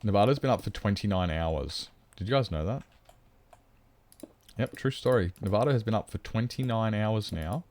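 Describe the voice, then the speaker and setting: Playful gravelly man streaming live. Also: moderate pace, a little mellow. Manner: playful, teasing, mock-whiny, squeaking up high when joking. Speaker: livestreamer. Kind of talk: casual livestream chat with viewers.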